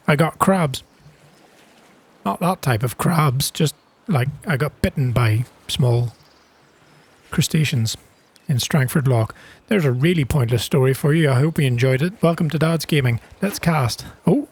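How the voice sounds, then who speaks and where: A man hosting his own gaming channel, giving chatty, self-deprecating commentary while he plays and gasping with surprise at each new thing. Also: a little high. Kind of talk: casual gameplay commentary.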